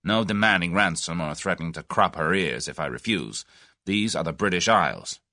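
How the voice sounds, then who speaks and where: A man's voice: sits low, expressive, normal speed, no room sound, studio quality, heavily acted. A man voicing a brash, impatient young American man who talks bluntly. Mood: suspicious. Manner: blunt, forceful.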